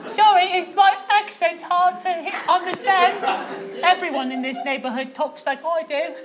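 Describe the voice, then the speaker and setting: A woman's voice: very high-pitched, steady tone, moderate pace, over a noisy crowd, heavy background noise. A woman playing a frail little boy with an old-timey New York accent. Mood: cheerful. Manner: quaint, earnest, old-fashioned phrasing. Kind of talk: live musical improv comedy. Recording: live stage with music.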